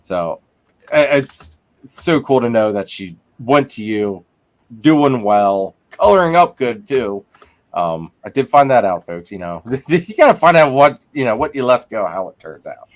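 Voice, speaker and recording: A man's voice: medium pitch, measured pace. A man hosting a casual live-stream chat, joking and laughing as he talks. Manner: animated, joking, lots of laughter. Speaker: podcast host.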